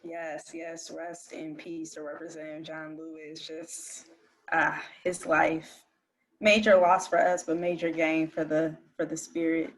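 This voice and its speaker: A soft-spoken, gracious woman moderating a panel on a video call. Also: sits low, flat delivery, unhurried.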